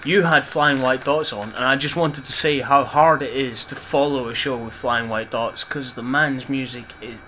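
Bright-voiced man, playful banter. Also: medium pitch, normal speed, few pauses, a little hiss or hum. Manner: mock-sarcastic, playful. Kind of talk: crude casual banter.

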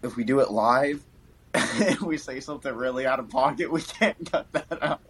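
A young man co-hosting a podcast in casual chat, animated and slangy. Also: medium pitch, normal speed, husky. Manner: animated, slangy, does silly voices in stories. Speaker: podcast co-host.

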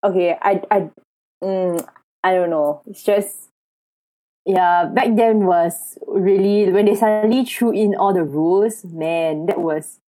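A young university student co-hosting a podcast, chatting in an animated way and filling her talk with "like". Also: on the low side, slow pace, rough recording. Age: young adult. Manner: animated, many "like" fillers. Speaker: podcast co-host. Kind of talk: casual chat.

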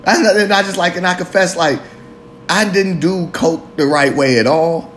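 A man's voice: high voice, moderate pace, fairly bright tone, slight background noise. A man in his thirties hosting a solo confessional monologue, rambling, swearing a lot and mocking himself with frequent laughs. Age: 30s. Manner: rambling, profane, self-mocking, laughs often. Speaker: podcast host. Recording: roomy echo.

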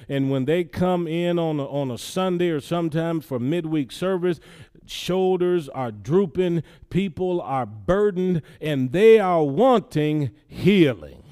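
A man's voice: fairly high pitch, mellow, clear, resonant tone. A man preaching a sermon in a church in a conversational way, often adding "yeah" between points. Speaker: pastor.

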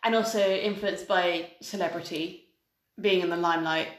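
A woman's voice: lowish voice, steady tone, moderate pace. A woman with an English accent co-hosting a casual podcast, making wry, dry remarks. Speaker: podcast co-host. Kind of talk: casual chat. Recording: echoey room.

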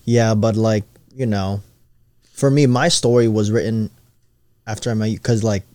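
A man hosting a casual podcast, chatty and full of "like" and "you know", firing off quick questions. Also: on the low side, steady tone, dark tone, clear, resonant tone, no echo. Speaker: podcast host.

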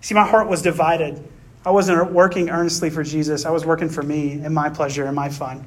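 High-voiced man preaching a casual sermon. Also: fairly even intonation, a little fast. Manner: chatty, tag questions and personal anecdotes. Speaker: pastor. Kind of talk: conversational sermon.

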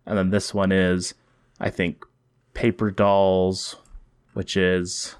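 A man with a low-pitched voice recaps a comic story in casual podcast chat. He thinks aloud, restarts phrases and chuckles now and then. The sound is dry and close. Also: level tone, slow pace, clean tone, no echo. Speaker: podcast co-host. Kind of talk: casual comic book discussion.

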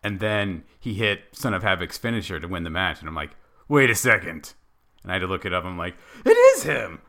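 A man's voice: low-pitched, steady tone, quick pace, pushed and bright. A man co-hosting a casual wrestling podcast, telling stories in a playful, self-mocking way. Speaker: podcast co-host.

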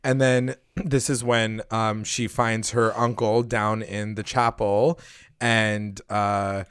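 A man recapping a TV episode in casual chat, animated, swearing often and acting out the characters' lines. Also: on the low side, slow, clear, resonant tone, no room sound, clean studio sound. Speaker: podcast host recapping a TV episode.

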